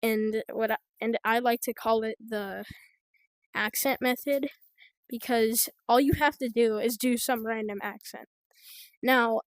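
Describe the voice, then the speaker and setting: An American woman with a fairly high voice offers game trading tips in offhand, meandering commentary, packed with fillers like "like" and "so." The recording has no echo.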